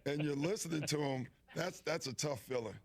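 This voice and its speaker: A man's voice: a little high, moderate pace, vocal fry. A former basketball player telling stories in an interview, laughing as he talks. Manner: laughing storyteller.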